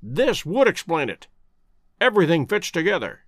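Brilliant male detective, brisk and eager, read by a man; lively, higher voice. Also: no echo, clean studio sound. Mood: analytical. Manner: brisk, reasoning aloud.

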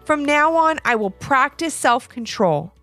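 A woman voicing a young boy who yells desperately for help. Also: high voice, lively intonation, measured pace, no echo, soft background music, pitched above the performer's own voice, exaggerated voice. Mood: resolved. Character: panicky young boy trapped and calling out.

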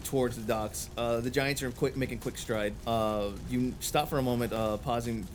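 A man's voice: medium pitch, fairly even intonation, normal speed, noisy background. A man narrating as game master, hesitant and full of fillers.

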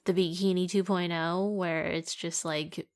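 A woman's voice: on the low side, flat delivery, a little slow. A woman co-hosting a casual podcast chat, giggling often and rambling through long recaps full of "like". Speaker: podcast co-host.

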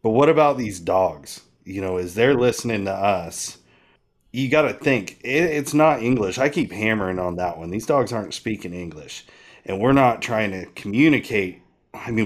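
A man co-hosting a podcast, thinking aloud in casual, rambling talk with many fillers. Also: on the low side. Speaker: podcast co-host. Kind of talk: casual chat.

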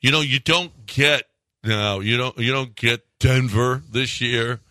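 A man's voice: mid-range voice, steady tone, a little slow, bright, forceful tone, dry recording. A man hosting sports radio, needling his co-hosts in dry banter.

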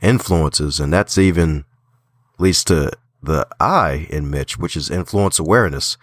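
Deep-voiced upbeat man with slight Southern twang. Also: a little slow, no room sound, studio quality. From Baltimore. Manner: upbeat, laughs often, folksy asides. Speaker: guest author and podcaster. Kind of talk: casual interview talk.

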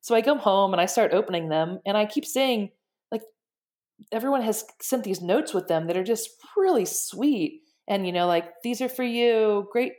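A woman guest in casual interview chat, telling stories in an animated, excited way. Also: mid-range voice, moderate pace. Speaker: guest, shelter director.

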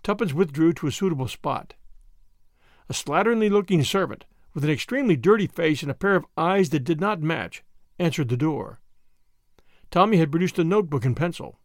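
A man reading a novel aloud as audiobook narrator, with expressive, measured storytelling. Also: fairly high pitch, no echo, clean studio sound. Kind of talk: scripted narration.

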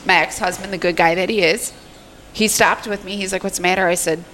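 A middle-aged woman telling a story in casual podcast chat, animated and profane. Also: medium pitch, a little fast, slight background noise. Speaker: podcast guest.

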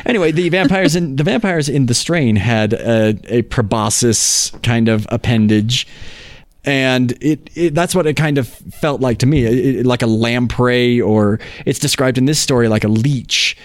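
Male co-host, mid-pitched, dry close mic, thoughtful and halting. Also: dry recording. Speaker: podcast co-host. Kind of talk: casual chat.

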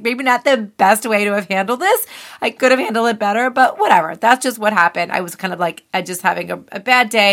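Woman w a bright clear voice doing a chatty pep talk, acts out the voices in your head. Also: medium pitch. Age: adult with children. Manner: animated, acts out inner voices, says "y'all". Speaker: motivational speaker. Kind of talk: casual motivational talk.

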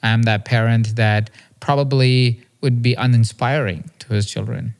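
A man's voice: mid-range voice, fairly even intonation, normal speed, creaky. Earnest man telling a personal story. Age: 30s. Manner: earnest and confessional, with frequent "right?" checks. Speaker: podcast host and coach.

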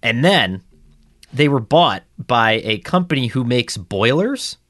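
A man's voice: medium pitch, big pitch swings, takes it slowly, a bit bright, no room sound. A man co-hosting a football podcast, telling stories in a wry, amused way in casual chat. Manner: wry, amused storytelling with chuckles. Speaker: podcast co-host.

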